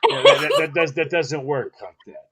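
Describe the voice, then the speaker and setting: A man telling funny stories in casual chat, animated and laughing, acting out what people said. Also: a little high, normal speed, breathy edge. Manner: animated, laughing, acts out quotes in funny voices. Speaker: podcast host.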